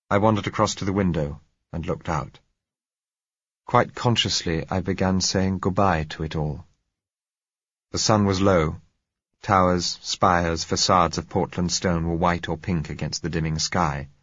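A man narrating an audiobook in a measured, dramatic reading. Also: low voice, fairly bright tone, husky, dry recording. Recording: dull, dry recording.

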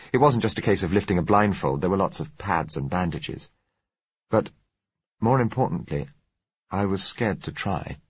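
A man reading a first-person novel aloud as an audiobook narrator, in a measured, tense storytelling manner, on a dull, lo-fi recording. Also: low voice, slightly rough, no room sound.

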